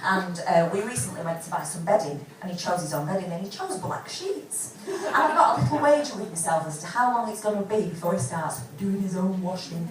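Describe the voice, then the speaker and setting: A woman in her forties rambles through a self-deprecating stand-up set, swearing freely and losing her thread. Her voice leaps up and down expressively. It is caught from a distance in a very reverberant pub room with steady background noise. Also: lowish voice, fairly quick, few pauses. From England. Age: 40s. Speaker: stand-up comedian. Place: pub comedy gig with live audience. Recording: roomy distant live recording with background noise.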